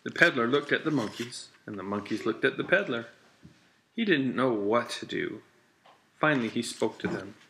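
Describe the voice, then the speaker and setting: A man reading a children's picture book aloud with a slow, deliberate, repetitive storytelling cadence. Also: medium pitch, expressive, a bit bright, a little hiss or hum.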